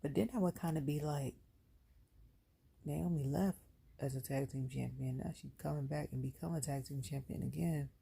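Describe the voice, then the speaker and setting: A woman with a low voice that is dark and husky, with a gravelly edge. She reviews a wrestling show in a blunt, animated rant full of casual slang. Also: moderate pace. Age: adult with a son. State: near tears. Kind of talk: casual ranting commentary.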